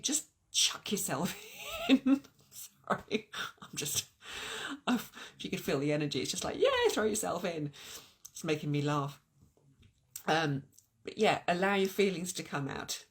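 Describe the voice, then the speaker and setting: A woman giving an earnest, encouraging spiritual talk at an online event. Her voice is going hoarse, and she is animated and often restarts her sentences. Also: lowish voice. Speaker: spiritual teacher.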